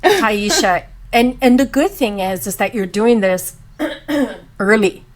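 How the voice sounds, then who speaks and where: A woman's voice: medium pitch, expressive, slow pace. A woman in her forties hosting a casual panel chat, telling a candid story. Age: 40s. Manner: candid storytelling, acts out quoted voices. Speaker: podcast panel host.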